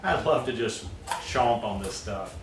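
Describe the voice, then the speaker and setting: A man's voice: lowish voice, lively intonation, unhurried, background noise. A man chatting casually as a vlogger at his home, rambling and full of fillers. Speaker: vlogger making smoothies. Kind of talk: casual chat. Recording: roomy, distant mic, faint ambience.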